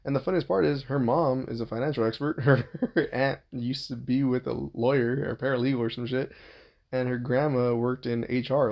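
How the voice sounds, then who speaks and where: A man telling a story about his father-in-law in casual talk, swearing constantly and voicing his own outbursts at a sharply raised pitch. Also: fairly even intonation, fairly quick, gravelly, a little mellow. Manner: agitated, heavy swearing, pitch jumps on quoted outbursts. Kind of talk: casual profane storytelling rant.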